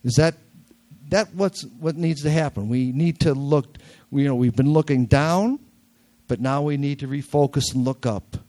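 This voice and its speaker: An older man with a nasal, slightly high voice and a dark tone preaches a sermon in a church sanctuary at normal speed. He keeps it casual, cracking jokes and repeating key words for emphasis.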